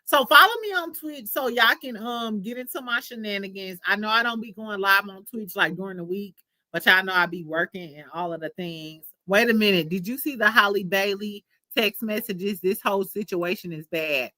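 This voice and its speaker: A young adult woman hosting a casual livestream chat, telling stories in a candid, profane, animated way. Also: medium pitch, normal speed, no echo. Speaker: livestream host.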